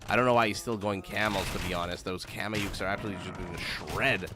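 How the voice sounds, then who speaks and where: A man's voice: deep voice, fairly even intonation, fast talker. A man doing live play-by-play commentary on a strategy game match, chatting directly to his viewers. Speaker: game caster. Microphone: streaming microphone. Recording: noisy live stream recording.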